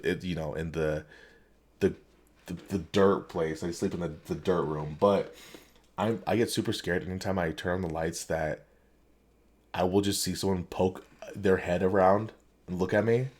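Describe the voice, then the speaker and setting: A man with a very deep voice talks in a loose, rambling way, co-hosting a relaxed podcast chat. He laughs often between his sentences as he tells his stories. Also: a little slow. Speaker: podcast co-host. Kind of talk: casual chat.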